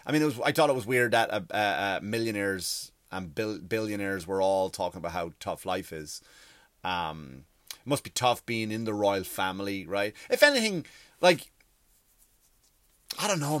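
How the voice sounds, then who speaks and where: A man doing a profane, animated stand-up comedy rant on stage. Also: dry recording, clean studio sound. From Ireland. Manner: profane, animated storytelling with sudden pitch jumps.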